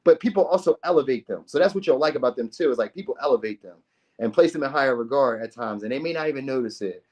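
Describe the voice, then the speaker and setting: A man rattling off a tarot reading at a quick clip, loose and chatty. His pitch sits in the middle of the range. He talks in slang, swears casually and keeps checking in with the viewer. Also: animated. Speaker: tarot reader.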